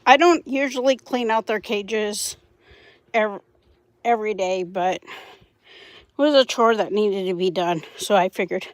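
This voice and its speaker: A woman's voice: medium pitch, a little slow, pauses often, dry recording. A woman vlogging outdoors about her backyard chickens, chatting in a rambling way while doing chores and getting out of breath. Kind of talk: casual vlog.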